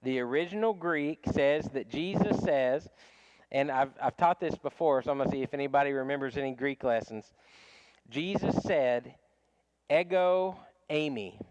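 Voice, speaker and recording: A man's voice: mid-range voice, moderate pace, a little mellow, clean tone, dry recording, highs cut off. A man teaching a casual Bible study class, talking conversationally with frequent restarts and small chuckles.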